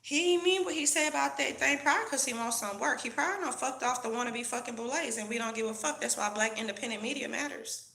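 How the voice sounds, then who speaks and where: Gravelly bright-voiced woman ranting. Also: on the high side, fast talker, few pauses, roomy sound. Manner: profane, preachy, heated rant. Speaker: vlogger. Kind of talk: ranting commentary to camera.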